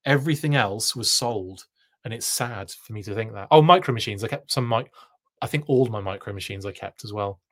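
A man's voice: on the low side, fairly quick, fairly bright tone. Chatty, self-deprecating male stream host. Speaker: live stream host reading chat. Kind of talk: casual live stream chat.

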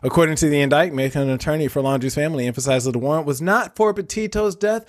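A man's voice: fairly high pitch, quick pace, no echo, studio quality, pitched above the performer's own voice, lightly acted. A man putting on a mock TV news anchor voice, reading a news article in an exaggerated announcer lilt. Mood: mock formal. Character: pompous male TV news anchor.

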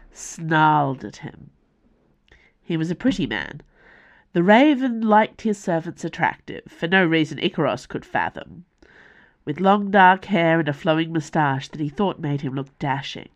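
Woman slowly narrating her own novel. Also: sits low, highs cut off. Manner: measured, deliberate reading. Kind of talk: scripted audiobook narration.

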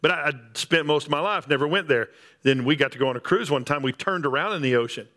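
A man's voice: on the high side, quick pace, pushed and bright. A man preaching a sermon, emphatic and repetitive, building up on key phrases. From Texas Panhandle. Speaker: pastor.

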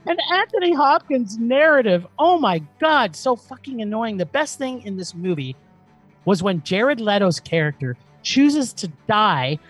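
A woman's voice: a little high, sing-song, unhurried, husky. Woman, podcast co-host, exasperated, swearing, dramatic rant, faint music behind. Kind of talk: ranting film review.

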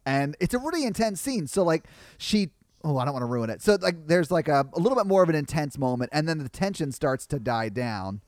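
Young male podcaster, slightly high, dry close sound, animated storyteller. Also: brisk, no room sound. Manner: animated storyteller, laughs often, yells in punchlines. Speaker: podcast host, guest. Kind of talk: casual chat.

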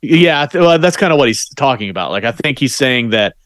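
A man's voice: mid-range voice, a little fast, dry recording, studio quality. A man co-hosting a podcast, chatting casually about a film with lots of fillers. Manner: relaxed, loose chatter with many fillers. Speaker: podcast co-host. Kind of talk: casual movie review chat.

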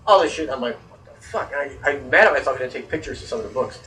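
A man's voice: mid-range voice, racing, recorded from a distance, a little hiss or hum, low-quality recording. A man telling a long story in casual podcast chat, swearing freely and acting out the voices of the people in it. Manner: animated storyteller, swears, acts out quoted voices.

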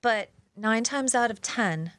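A woman's voice: a little high, expressive, slow, a bit bright, no room sound. A middle-aged woman journalist telling stories on a podcast, animating them by acting out the voices of the people she quotes. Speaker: podcast guest, newspaper journalist. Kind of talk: casual storytelling conversation.

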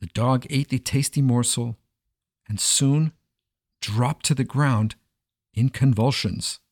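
A male storyteller narrates with expressive, dramatic phrasing at a middle pitch. The sound is close and dry with no room around it. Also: takes it slowly, no echo.

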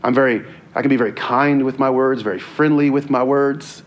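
A man's voice: medium pitch, fairly even intonation, a little fast, dull audio. A man preaching a sermon in an earnest, conversational way, sometimes repeating words as he goes.

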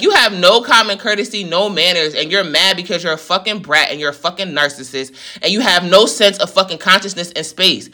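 A woman's voice: on the low side, bright, forceful tone. Fired-up New woman ranting. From New York. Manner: heated, profane, venting. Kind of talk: storytime rant to viewers.

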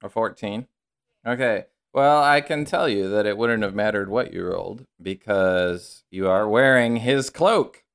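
A man narrating a tabletop role-playing game as game master, in a measured, descriptive way with some fillers. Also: lowish voice, a bit bright, smooth.

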